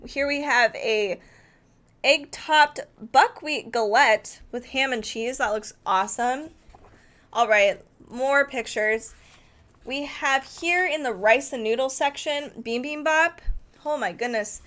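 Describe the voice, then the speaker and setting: A woman's voice: high voice, slow pace, fairly bright tone. A woman previewing a cookbook in a casual, enthusiastic way, thinking aloud as she flips pages and correcting herself now and then. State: arm tired from holding a heavy book. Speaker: cookbook reviewer.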